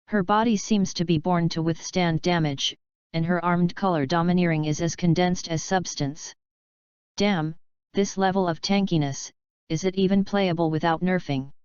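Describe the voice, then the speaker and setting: A woman narrating an action story in a steady, even storytelling manner. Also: fairly low pitch, clean tone, dry recording. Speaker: audiobook narrator. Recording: dry, slightly dull lo-fi sound.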